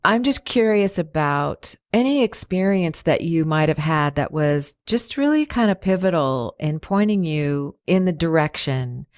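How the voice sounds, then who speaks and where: A woman hosting a casual interview podcast. Her voice sits low, and she talks in a reflective, rambling way, full of small fillers. The recording is dry, with no room sound. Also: animated, unhurried, hardly any pauses, a little mellow, no echo. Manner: thoughtful, many "you know" fillers. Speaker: podcast host.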